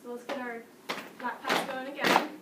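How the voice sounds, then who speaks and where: A woman teaching a music class, talking lively and breaking into sing-song examples, recorded from afar in a classroom. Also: high-pitched, moderate pace. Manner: lively, sing-song demonstrations with frequent laughs. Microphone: distant camera mic. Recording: echoey classroom from far off, noisy.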